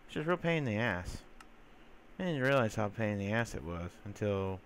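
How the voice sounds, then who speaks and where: Man, low voice, rambling game commentary, faint room hum. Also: big pitch swings, a little fast. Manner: rambling, chatty, filler-heavy; teasing baby-talk to game mobs. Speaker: gamer. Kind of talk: casual gameplay commentary.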